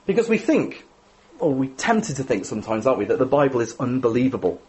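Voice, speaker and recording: A man's voice: mid-range voice, big pitch swings, quick pace, darkish tone. A man giving a sermon in a conversational, self-deprecating way, often adding tag questions. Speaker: preacher.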